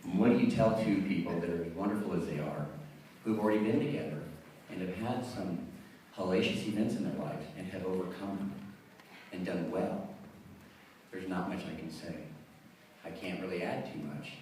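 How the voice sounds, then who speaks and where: A man's voice: deep voice, normal speed, mellow, slight background noise. A middle-aged man giving a rambling, self-deprecating father-of-the-bride toast at a wedding. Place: wedding reception hall. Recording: echoey reception hall, distant mic.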